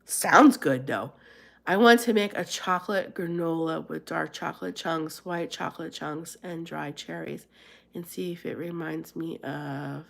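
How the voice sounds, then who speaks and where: A woman's voice: low-pitched, unhurried, creaky, fairly bright tone. A woman from Pennsylvania hosting a casual live chat, reading and answering viewer comments and laughing often. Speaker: live stream host.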